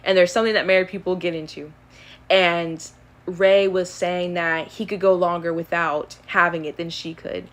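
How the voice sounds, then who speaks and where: A young woman in her early twenties talks in an easygoing, rambling way, filling gaps with "um" and "like" as she answers questions. Her voice sits a little lower than most women's. The delivery stays relaxed and conversational, as on a live stream. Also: moderate pace. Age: early 20s. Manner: rambling, filler-heavy, easygoing. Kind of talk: casual chat answering questions.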